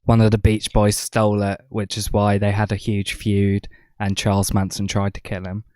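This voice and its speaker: A man co-hosting a casual podcast, speaking in a quiet, laid-back, matter-of-fact way. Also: lowish voice, monotone, moderate pace, smooth, no room sound. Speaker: podcast co-host. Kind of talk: casual chat.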